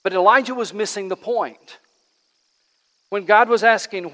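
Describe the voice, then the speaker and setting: Man, pastor, sermon in church, emphatic then hushed delivery, fairly high voice, long reverb. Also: measured pace, long pauses. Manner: preaching, swinging between loud emphatic lines and hushed ones. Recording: long reverb of a large hall.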